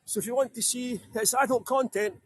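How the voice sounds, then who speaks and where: A man's voice: extremely high pitch, fairly even intonation, brisk, breathy edge. A Scottish man guiding a live-streamed walking tour outdoors, chatty and jokey, greeting viewers by name. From Scotland. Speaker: tour guide. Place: outdoors on town streets.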